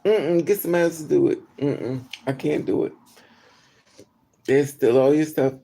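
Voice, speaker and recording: A man tells a personal story to his livestream audience in a casual, candid way, talking straight to them and answering their comments. His voice sits a bit high for a man but has a dark, mellow tone. A gravelly, creaky edge runs through his speech. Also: normal speed, long pauses. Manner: candid, chatty, talks straight to viewers. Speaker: vlogger.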